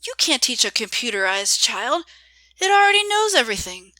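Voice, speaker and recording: A woman's voice: a little high, very animated, moderate pace, pushed and bright, no echo, voice pushed up, rough recording. A woman voicing an earnest young man who longs for a real life, speaking in a heartfelt, pleading way.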